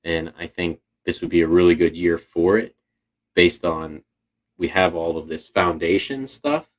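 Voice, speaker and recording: A podcast co-host with a low voice talks a little slowly in a casual chat. He tends to think out loud and often restarts what he's saying.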